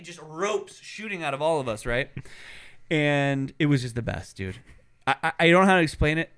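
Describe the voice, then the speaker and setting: A man's voice: fairly high pitch, moderate pace, clean tone. A young man co-hosting a podcast, telling a story in casual chat, profane and laughing, acting out the voices of people he quotes. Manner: animated, profane, laughing, acts out voices in stories. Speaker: podcast co-host.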